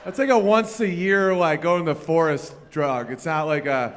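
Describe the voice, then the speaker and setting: A man's voice: a little high, moderate pace, hardly any pauses, a bit bright, slight background noise. A man doing stand-up comedy on a live stage, talking with the crowd and rambling through loose, profane stories.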